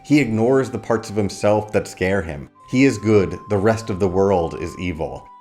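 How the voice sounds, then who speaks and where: A man giving a scripted video lecture on poetry, measured and explanatory, reading verse lines slowly. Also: lowish voice, darkish tone, soft background music. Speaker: literature lecturer.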